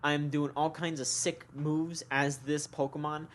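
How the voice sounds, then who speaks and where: A man hosting a casual podcast chat, excitable and jokey, stumbling over his words often. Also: on the high side, moderate pace. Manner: hyped, jokey, restarts often. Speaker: podcast host.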